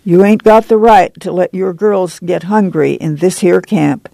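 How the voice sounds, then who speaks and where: A woman's voice: fairly low pitch, a little slow, creaky, dry recording. A reader doing a stern woman camp leader. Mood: commanding. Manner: stern, forceful, folksy rural dialect.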